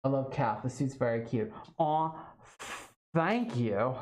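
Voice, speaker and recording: A woman's voice: very deep voice, slow, darkish tone. A young woman streaming live, chatting casually with her viewers and reading their comments, full of "like" and "um" fillers.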